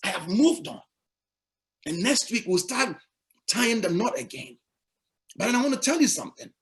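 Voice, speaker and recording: High-voiced man preaching a sermon. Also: lively intonation, moderate pace, a bit bright. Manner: emphatic, repetitive preaching with rhetorical questions. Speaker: pastor.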